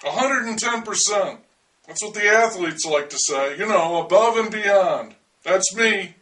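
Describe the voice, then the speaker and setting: Man as an earnest eccentric hunting alien signals: high, bright voice, slow wry delivery, miked from a distance. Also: lively intonation, exaggerated voice. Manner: wry, confiding, deliberate monologue to the listener.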